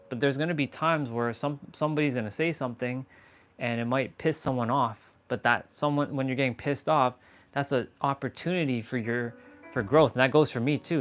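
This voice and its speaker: A man's voice: medium pitch, a little fast, a bit bright, faint music behind. A man hosting a casual motivational live stream while walking, blunt and emphatic, swearing freely. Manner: talks while walking on a step count.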